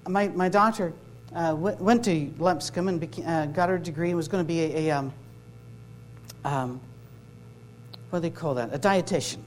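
A middle-aged man with a Scottish accent giving a humorous sermon-style talk to a live audience, conversational and full of quick asides. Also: a little high, soft background music. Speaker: campus ministry speaker. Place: workshop room with a live audience.

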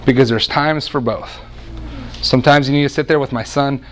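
A man in his thirties delivers a sermon from a church stage, telling stories with a joking, lively energy. He often breaks off and restarts his sentences, and his voice sits at an ordinary middle pitch. A faint hiss of noise runs under the recording. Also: moderate pace. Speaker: preacher.

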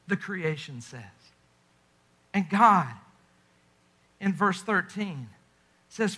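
A man preaching a sermon with passion, often dropping to a hushed, intense delivery. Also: high voice, lively intonation, drawn-out words, pauses often. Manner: impassioned preaching with dramatic drops to a hush. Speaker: pastor.

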